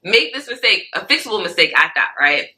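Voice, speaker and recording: A young woman with a very bright, sharp voice tells a story as an interview guest. She is animated, acts out what other people said, and keeps checking in with "right?" and "like". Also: mid-range voice, a little fast, poor audio. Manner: animated, acts out quoted speech, many "like" and "right?" fillers. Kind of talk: casual storytelling.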